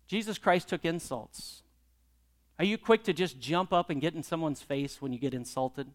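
A man's voice: high voice, expressive, moderate pace, pauses often, a bit bright. A middle-aged man preaching a sermon, telling a personal story and then pressing the congregation with pointed rhetorical questions. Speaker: pastor.

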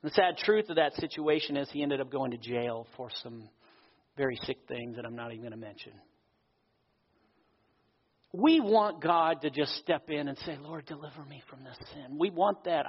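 A man preaching a sermon as pastor, earnest, slowing down for emphasis. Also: fairly high pitch, animated. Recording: dull audio with long hall reverb.

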